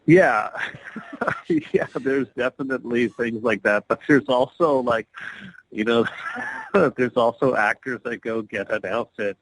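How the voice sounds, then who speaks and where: A man who is an actor guest on a podcast, telling stories in a relaxed, casual way and often laughing. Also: mid-range voice, a little slow, no echo, poor audio. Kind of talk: casual interview storytelling.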